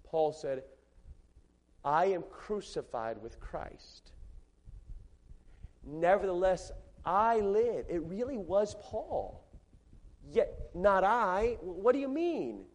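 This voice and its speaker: A man preaching a sermon in a large church, emphatic, repeating his phrases and swinging between loud and soft delivery. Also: sits high, sing-song, slow, pauses often. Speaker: pastor.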